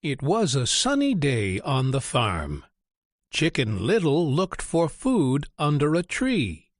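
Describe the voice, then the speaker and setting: A man narrates a storybook in a slow, measured way. His voice is mid-pitched and strongly sing-song, rising and falling a great deal. The sound is close-miked and completely dry. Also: dry recording. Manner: expressive, deliberate. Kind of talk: storybook read-aloud narration.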